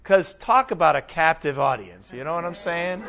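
A man teaching a Bible lesson in a casual, animated sermon style, often asking his listeners questions. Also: on the high side, moderate pace, creaky, dull audio. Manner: animated, conversational, asks the audience questions.

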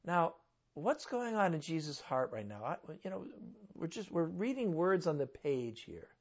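A man's voice: fairly high pitch, big pitch swings, moderate pace, dull audio. A man preaching a sermon in a conversational way, asking his listeners rhetorical questions. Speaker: pastor.

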